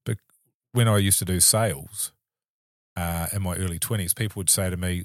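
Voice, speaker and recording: A man's voice: deep voice, steady tone, normal speed, no echo, clean studio sound. A man with a New Zealand accent co-hosting a podcast, chatting casually in a rambling, self-deprecating way. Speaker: podcast co-host. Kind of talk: casual chat.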